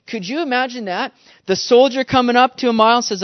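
A man's voice: extremely high pitch, brisk, dull audio. A man preaching a sermon, telling stories with animation and acting out the quotes. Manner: animated storytelling, acts out quotes. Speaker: pastor.

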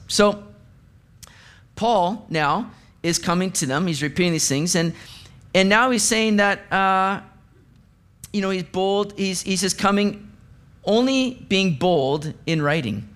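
High-voiced man preaching conversationally. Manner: conversational, animated preaching with acted asides. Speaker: pastor. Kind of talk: sermon.

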